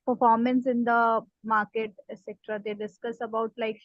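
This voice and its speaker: A woman student with an Indian English accent, answering hesitantly with many pauses. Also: fairly high pitch, little pitch movement, no echo, dull audio.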